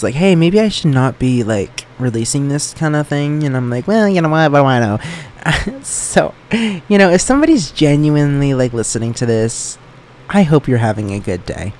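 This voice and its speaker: A man's voice: mid-range voice, darkish tone, a little hiss or hum. A young man hosting a solo podcast, rambling in a joking, self-deprecating way. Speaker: podcast host.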